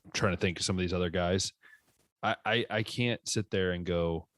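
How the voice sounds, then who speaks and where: A man's voice: low-pitched, steady tone, normal speed, a bit bright, dry recording. A man co-hosting a sports podcast in casual chat, frank and opinionated, often cutting in with his own takes.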